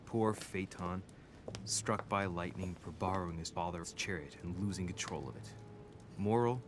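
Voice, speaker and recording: A wry young nobleman from a video game, voiced by a man in a very deep voice. He makes dry little asides. A low rumble and hiss run under the game audio. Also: normal speed, natural voice.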